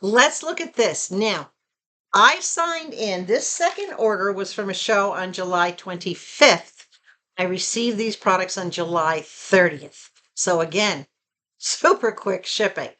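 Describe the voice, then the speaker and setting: A Southern woman talks straight to her camera from her own home in a relaxed, chatty way. Her voice sits in an ordinary middle range. When she gets excited or annoyed, it climbs high and lively. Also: a little slow. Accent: Southern American. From Southern United States. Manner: chatty and expressive, rising to animated pitch when excited. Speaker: vlogger. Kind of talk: casual chat.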